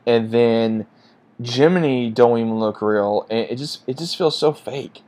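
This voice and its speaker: A man's voice: mid-range voice, a little slow, dark tone. A man giving a casual, frustrated movie review, bluntly repeating his complaints.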